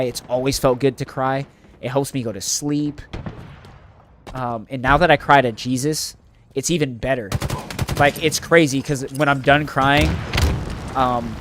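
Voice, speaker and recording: Male game streamer, mid-pitched voice, earnest and emotional, rambling chat, faint gunfire behind. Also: a little hiss or hum. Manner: earnest, emotional, rambling with many fillers and restarts. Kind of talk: casual chat to live chat while gaming.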